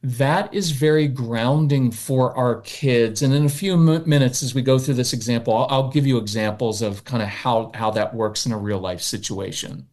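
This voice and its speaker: A man as a podcast guest, coaching parents in a matter-of-fact, animated way and slipping into quick voices of parents. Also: mid-range voice. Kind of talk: podcast interview.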